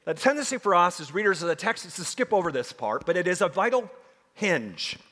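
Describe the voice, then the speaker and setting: A man preaching a sermon to a congregation, emphatic and animated, with frequent asides to his listeners. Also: high voice, brisk. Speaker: pastor. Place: church sanctuary. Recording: long hall reverb.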